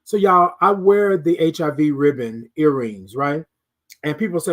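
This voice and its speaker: A man's voice: fairly high pitch, a little slow, a bit bright. Man preaching self-worth on a morning live stream. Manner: preachy, repeats phrases, greets live chat. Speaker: host of a morning live show. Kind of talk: motivational live-stream talk.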